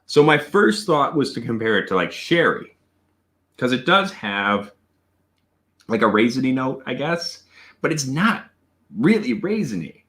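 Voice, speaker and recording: A man hosts a casual livestream tasting, his voice bright and ringing and his pitch swinging widely as he reacts. He talks slowly, lingering over his words, and breaks into excited, profane exclamations between answers to his viewers. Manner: reads and answers viewer chat. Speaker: whiskey reviewer and host.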